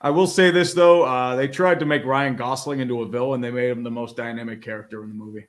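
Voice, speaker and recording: A man co-hosting a casual sports panel chat over a video call, deadpan and wry. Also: mid-range voice, fast talker. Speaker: co-host.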